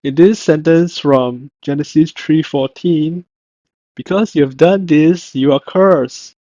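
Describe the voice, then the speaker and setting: Guy teaching a language lesson super slowly, repeats every word carefully, dull dry recording. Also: fairly high pitch, dark tone, no room sound. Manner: slow and deliberate, repeats each word carefully.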